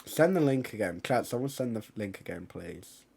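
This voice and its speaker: A male streamer chatting casually on a live stream, swearing often and breaking into loud exclamations. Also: lowish voice, expressive, moderate pace, vocal fry, breathy edge.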